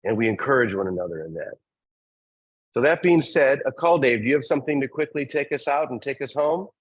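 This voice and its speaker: Husky-voiced man hosting a spiritual circle. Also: mid-range voice, animated, fairly quick, no room sound, low-quality recording. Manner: gentle, laughs often, repeats words. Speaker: host of an online spiritual community session. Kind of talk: casual warm group chat.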